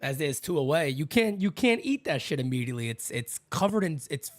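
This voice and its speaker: A man hosting a casual baseball watch party, telling animated family stories with loud imitations and plenty of swearing. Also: on the high side, a little fast, no room sound.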